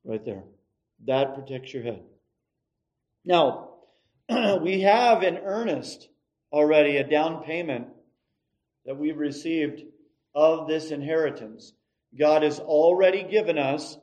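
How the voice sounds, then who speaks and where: A middle-aged man preaching a sermon as pastor, telling stories with animation and moving between loud emphasis and quiet asides. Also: fairly high pitch, highs cut off.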